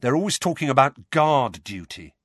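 A man's voice: medium pitch, sing-song, moderate pace, a bit bright, dry recording, clean studio sound, pitched above the performer's own voice. A man voicing an easygoing, awkward teenage boy with a blunt, rambling way of talking. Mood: sheepish.

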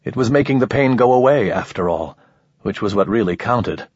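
A man with a low, husky voice reads a story in measured, dramatic narration. The room is dead dry, and the sound is slightly dull and lo-fi. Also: animated, a little mellow, no echo. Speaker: audiobook narrator. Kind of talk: scripted narration.

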